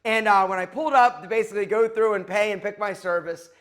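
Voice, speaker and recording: A middle-aged man with a fairly high voice tells a story straight to camera. He talks in a loose, chatty way and turns it into friendly advice for his viewers. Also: fast, fairly bright tone. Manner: chatty, advice-giving, acts out quoted exchanges. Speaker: YouTube host.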